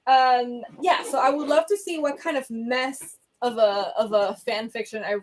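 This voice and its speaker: A woman's voice: fairly high pitch, fairly even intonation, unhurried. A young woman chatting casually with viewers on a livestream, rambling and humming between thoughts, recorded on a laptop's built-in mic at home. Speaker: livestreamer answering viewer comments. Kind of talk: casual chat. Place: home room with a bookshelf. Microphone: laptop built-in webcam mic.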